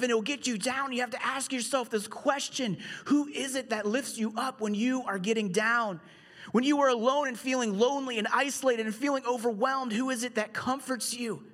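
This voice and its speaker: High-voiced pastor in an echoey hall. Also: male voice, bright, forceful tone. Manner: conversational storytelling with humorous asides. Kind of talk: sermon.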